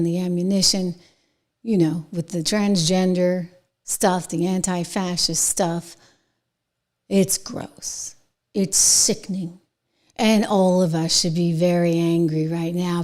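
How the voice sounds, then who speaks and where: A middle-aged woman hosting a political commentary show, indignant, swinging from loud outbursts to hushed whispers. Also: medium pitch.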